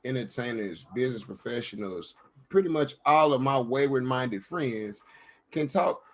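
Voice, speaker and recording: Man, host, joking, slangy, casual chat, video call. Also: medium pitch.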